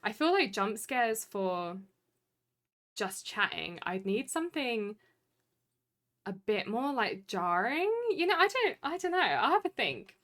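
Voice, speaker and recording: A woman's voice: fairly high pitch, sing-song, unhurried, a bit bright. A young woman chatting casually with her stream viewers. She rambles and fills her talk with "like" and "you know". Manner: rambling, chatty, heavy use of "like" fillers. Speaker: live streamer.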